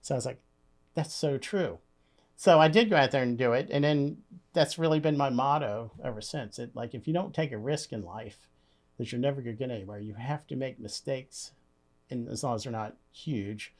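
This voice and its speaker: A man's voice: mid-range voice, a little fast. A man who leads a construction company, a podcast guest telling stories in a friendly, plainspoken way. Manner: friendly, plainspoken, repeats words as he starts. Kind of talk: conversational storytelling.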